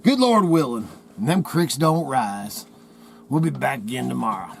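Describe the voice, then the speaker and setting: A man rants to camera from his trading post, agitated and rambling, full of folksy slang. His voice sits a little high for a man. A faint hiss of noise runs under the recording. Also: sing-song, a little slow, vocal fry. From Idaho. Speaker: channel host. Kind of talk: heated rant to camera.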